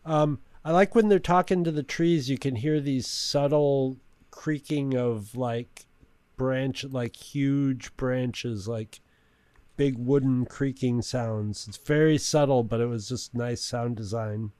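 A man co-hosting a podcast, chatting casually with halting restarts. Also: mid-range voice, darkish tone, no echo. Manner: halting, many fillers and restarts. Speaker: podcast co-host. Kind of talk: casual chat.

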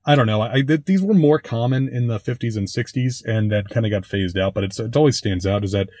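A man's voice: mid-range voice, fairly quick, darkish tone, no echo. A man hosting a casual commentary, reviewing a TV episode in a wry, chatty way with frequent restarts and dry asides. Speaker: podcast host reviewing a TV episode.

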